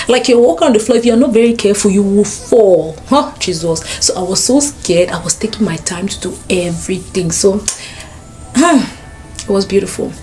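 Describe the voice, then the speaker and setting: Animated Cameroonian woman vlogging. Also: medium pitch, normal speed, soft background music. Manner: animated, exclamations and playful asides. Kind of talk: casual storytelling to camera. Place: sit-down room at home. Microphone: camera mic.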